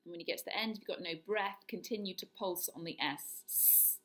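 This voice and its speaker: A woman voice coach leading a guided vocal warm-up, talking through each exercise step by step. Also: fairly low pitch, moderate pace. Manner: demonstrates yawns, hisses, hums and sirens; instructive, step-by-step.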